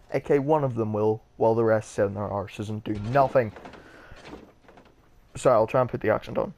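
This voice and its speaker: A man's voice: lowish voice, steady tone, normal speed, gravelly, pauses often, a little mellow. A young man casually commenting on a game he is playing, rambling and self-deprecating with lots of fillers. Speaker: gaming channel host. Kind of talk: casual let's-play commentary.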